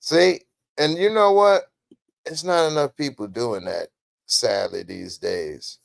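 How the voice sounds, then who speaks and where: A man hosts a podcast in loose, slangy commentary, animated and quick to laugh. His voice is gravelly and his delivery unhurried. The recording is dry and close, with no room sound. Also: a little high, no echo. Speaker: podcast host. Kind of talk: casual commentary.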